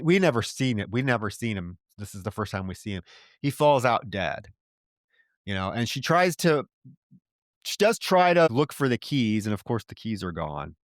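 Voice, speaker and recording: A man co-hosting a film podcast, rushing through a plot recap and breaking into exasperated, profane asides. His voice sits at an ordinary middle pitch. The recording is dry and close, with no room sound. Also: no echo. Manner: animated retelling, swearing, exasperated asides. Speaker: podcast co-host. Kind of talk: casual film discussion.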